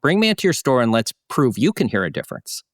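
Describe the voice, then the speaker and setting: A man's voice: mid-range voice, very animated, fast, dry recording, clean studio sound. A man speaking as a guest on a casual podcast chat, telling stories emphatically.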